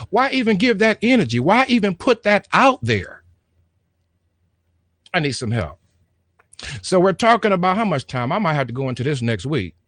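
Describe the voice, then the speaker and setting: A man's voice: high-pitched, very animated, brisk, few pauses, fairly bright tone, dry recording. A middle-aged man preaching a motivational sermon straight to his online viewers, calling out for responses and repeating his words as he builds his points.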